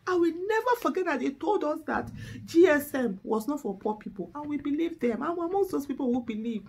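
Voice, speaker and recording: A middle-aged Nigerian activist speaks briskly and animatedly to camera in a high, slightly mellow voice with a Nigerian accent, and a little hiss or hum runs underneath. Her impassioned, emotional address is fervent, breaking into exasperated outbursts, and she is tearful, near breaking down.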